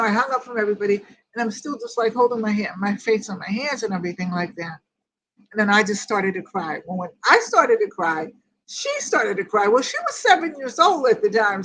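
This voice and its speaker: An older woman shares a painful memory in casual group talk, and her voice sits at an ordinary middle pitch. She rambles through the story and replays every exchange with "I said" and "she said." Her delivery is plain, unpolished storytelling. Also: fairly bright tone, breathy edge, rough recording. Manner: rambling retelling that quotes each conversation. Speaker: host of a grief group. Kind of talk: personal storytelling in casual chat.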